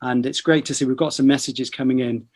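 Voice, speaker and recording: Chatty professor hosting a relaxed podcast. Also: male voice, mid-range voice, fast. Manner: chatty, light teasing asides. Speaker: podcast host, professor of neurology. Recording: online broadcast discussion.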